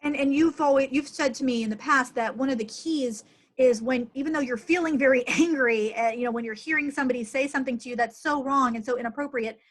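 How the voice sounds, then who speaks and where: A woman's voice: sits high, fast talker. A middle-aged woman, a physician, hosting a conversational interview in an earnest tone with plenty of fillers. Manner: earnest, uses many fillers. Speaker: physician host.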